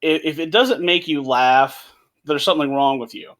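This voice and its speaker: Animated, swearing man telling stories. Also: fairly high pitch, moderate pace. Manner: animated storyteller, swears, acts out quotes. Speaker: podcast co-host. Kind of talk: casual chat.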